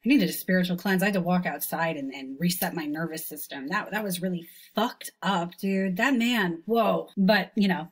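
A woman's voice: on the low side, normal speed, hardly any pauses, slightly rough. A woman hosting a comedy show, giving a snarky, rambling commentary with frequent stammering restarts. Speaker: host. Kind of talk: mocking commentary on selfies.

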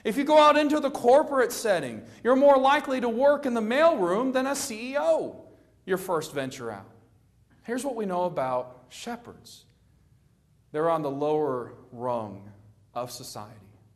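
A middle-aged man preaching a sermon, telling the story with lively acted-out quotes and a plain conversational manner. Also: normal speed. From Florida. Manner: animated storytelling, acting out quoted lines with rising pitch.

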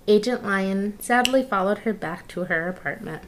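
A woman reading a children's picture book aloud, narrating gently and engagingly, with asides to the listener. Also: mid-range voice, moderate pace, few pauses. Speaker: storyteller. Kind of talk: children's story read-aloud.

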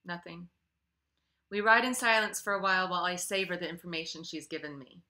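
A woman author reading her own novel aloud in an expressive way, then speaking casually to her listeners. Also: fairly low pitch, brisk.

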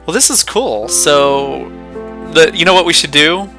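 A man hosting a casual gameplay video, chatting in an excitable, jokey way and breaking into loud exclamations. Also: a little high, a little slow, music in the background. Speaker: gaming channel host.

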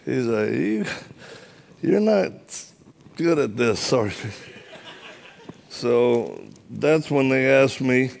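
This middle-aged preacher talks slowly in a gravelly, medium-pitched voice, leaving long pauses. His church sermon leans on comic storytelling, and he jokes animatedly while acting out what others said.

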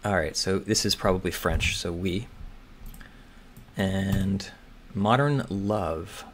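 A man's voice: deep voice, slow pace, a little hiss or hum. A man thinking aloud as he solves a crossword, hesitant and muttering, often turning his guesses into questions. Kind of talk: thinking aloud while solving.

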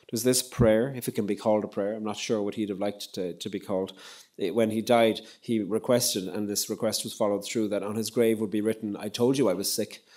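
Measured, reflective man lecturing. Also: fairly low pitch, darkish tone. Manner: measured and reflective, with frequent pauses. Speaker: lecturer and poet. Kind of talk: public lecture with poetry reading. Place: lecture hall.

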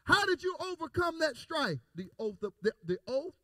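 A male pastor preaching a call-and-response sermon, repeating phrases and building to shouted emphasis. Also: very high-pitched, big pitch swings, moderate pace, no echo, clean studio sound.

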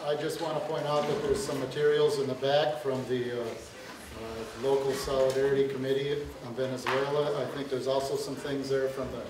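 A man's voice: medium pitch, level tone, moderate pace, hardly any pauses. A man moderating a university event, making announcements and setting up questions with hesitant fillers. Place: university lecture room. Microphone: no microphone, recorded from far off. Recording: roomy, distant, noisy.

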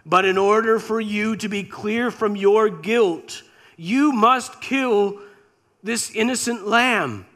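A man's voice: sits high, slow pace, a bit bright. A man preacher voicing a grieving, tender God as he retells a scripture story in a sermon. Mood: sorrowful, solemn. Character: grieving male God, gentle and sorrowful.

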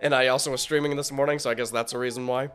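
A slightly hoarse man giving casual, rambling, enthusiastic commentary as a reaction video host. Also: mid-range voice, steady tone, racing, a bit bright, soft background music. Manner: rambling, filler-heavy, enthusiastic.

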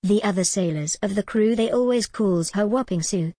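A woman narrating a comic verse poem in a measured, rhythmic reading. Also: medium pitch, warm tone, no echo. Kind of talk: scripted poetry reading.

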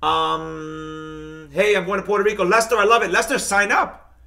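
A man's voice: high voice, fairly even intonation, moderate pace, creaky, sharp tone. A man hosting a live-streamed trading lesson. He talks straight to his viewers, reads out their comments, and keeps chanting hyped catchphrases.

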